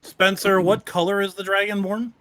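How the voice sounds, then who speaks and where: A man's voice: sits high, little pitch movement, moderate pace, bright, forceful tone, dry recording. A man playing a tabletop game, rambling and filling his talk with "like". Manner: rambling, full of "like". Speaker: player. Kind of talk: casual tabletop play.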